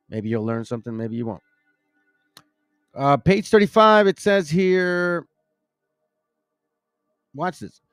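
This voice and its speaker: A man's voice: medium pitch, clear, resonant tone, no echo. A man hosting a casual livestream chat, talking informally as he pages through a book and insists he is telling the truth. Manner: informal, conversational, insisting he is not lying. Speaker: host showing a book page by page.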